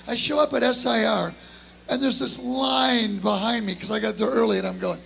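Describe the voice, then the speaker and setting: A middle-aged man and drummer telling an animated story to a live audience, acting out the voices of the people in it. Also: very high voice, normal speed, gravelly, rough recording. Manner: lively, acts out the voices in his story. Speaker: guest drummer.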